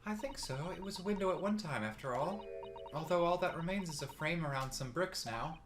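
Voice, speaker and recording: A man doing a soft, polite young woman. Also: fairly high pitch, expressive, fairly quick, echoey room, noisy background, voice pushed up, lightly acted. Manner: soft, courteous. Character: polite young woman assistant, gentle and proper. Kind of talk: game dialogue read aloud.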